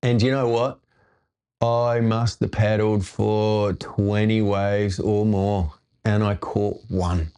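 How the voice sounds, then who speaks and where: A man's voice: lowish voice, level tone, slow, warm tone, clean tone. A man hosting his own show, telling a personal story in a casual, rambling way with laid-back surfer slang. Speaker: host.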